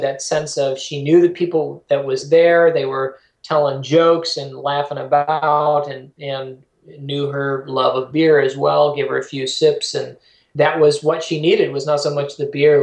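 A man's voice: mid-range voice, gravelly. A man chatting casually as a podcast co-host, reflective and giving advice about running. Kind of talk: casual conversation. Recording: roomy echo.

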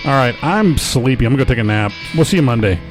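A man's voice: mid-range voice, lively intonation, quick pace, over music. A man co-hosting a comedy podcast, bantering in a playful, jokey way. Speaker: podcast co-host. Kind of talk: comedic casual chat.

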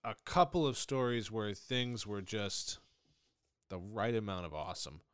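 A man co-hosting a podcast, chiming in with quick quips. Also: lowish voice, a bit bright, clean tone, no room sound, clean studio sound. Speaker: podcast co-host. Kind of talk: casual chat.

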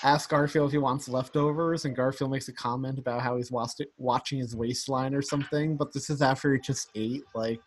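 A male co-host talking casually on a podcast. He has a middle pitch and laughs often as he goes over favorite scenes. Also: steady tone, brisk, few pauses, no echo. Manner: laughs often while acting out quotes. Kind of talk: casual chat.

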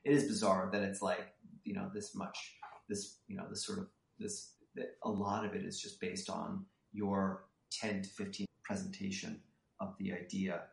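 A man guest on a casual interview, telling stories with lively energy and acting out the people in them. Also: deep voice, moderate pace, creaky, reverberant. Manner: animated storyteller who acts out people in his anecdotes. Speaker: author and screenwriter guest.

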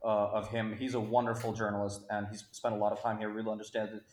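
A man from Brooklyn, New York, giving commentary as a panel guest, with a halting delivery full of restarts that turns emphatic on key points. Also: on the low side, completely flat delivery, darkish tone.

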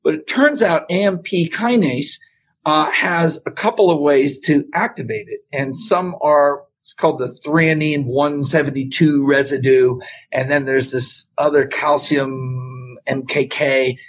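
A man talking as a podcast guest, telling stories in a lively way and acting out what people said. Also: a little high, a little slow, husky. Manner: animated storyteller, acts out quotes. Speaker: podcast guest, supplement scientist. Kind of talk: casual interview chat.

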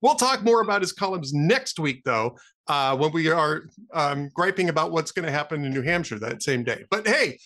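A male podcast host with a bright, forceful voice, telling jokes in casual chat. His pitch swings widely as he works through the story, and he laughs often. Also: lively intonation, normal speed.

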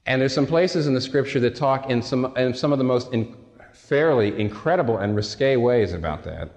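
A man's voice: medium pitch, normal speed, darkish tone. A male pastor preaching a sermon in a conversational, storytelling way, with self-deprecating asides. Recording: long hall reverb.

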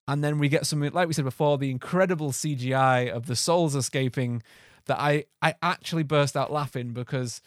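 A man's voice: mid-range voice, fairly quick, no room sound, studio quality. A man hosting a casual podcast, talking animatedly about a film and laughing often. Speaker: podcast host.

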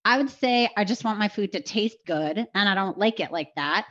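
A woman's voice: medium pitch, lively intonation, moderate pace, a bit bright. Chatty woman, slightly dull sound. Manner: chatty, laughing, easygoing debating. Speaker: podcast guest. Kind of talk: casual chat.

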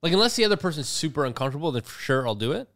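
A man's voice: fairly high pitch, very animated, rapid-fire, fairly bright tone, dry recording, clean studio sound. A tired man, co-hosting a podcast in a laid-back, joking chat. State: tired, nursing a headache. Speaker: podcast co-host. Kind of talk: casual chat.

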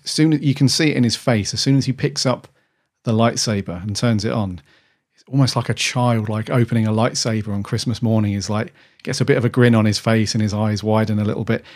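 A man with a fairly low voice talks casually as a podcast co-host. He rambles, restarts his sentences and gets excited as he goes. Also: fairly quick. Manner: rambling, with frequent restarts and enthusiastic asides. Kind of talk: casual chat.

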